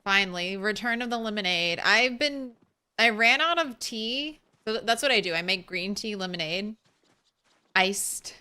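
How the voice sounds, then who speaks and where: Bright bubbly young woman streamer. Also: medium pitch, expressive, moderate pace, clean tone. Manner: bubbly, greets chat, giggly. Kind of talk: casual live-stream chat.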